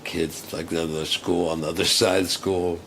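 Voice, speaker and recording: A man's voice: deep voice, level tone, moderate pace, creaky, a bit bright, slight background noise. A man giving casual reaction commentary on a video, rambling, giggling and swearing, with music playing in the background.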